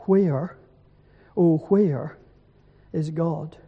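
A man's voice: on the high side, extremely slow, vocal fry, slightly rough, in a large hall, narrow, tinny audio, exaggerated voice. A man reading aloud a story and voicing a terrified, anguished damned man who cries out alone in the darkness. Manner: crying out in terror.

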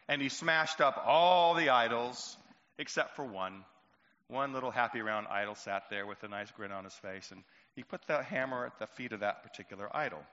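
A middle-aged male preacher giving an earnest sermon, storytelling and slowing down for emphasis. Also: medium pitch, sharp tone. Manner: earnest, slow and emphatic at key points. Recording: echoey hall, dull lo-fi sound.

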